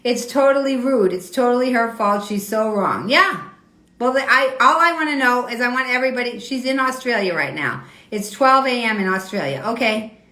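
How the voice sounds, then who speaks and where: A woman's voice: on the high side, animated, normal speed, bright, forceful tone. Indignant woman live-streaming, echoey room. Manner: indignant, argumentative, repeats herself. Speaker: host of a weekly live show. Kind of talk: Instagram live stream, reading and answering comments.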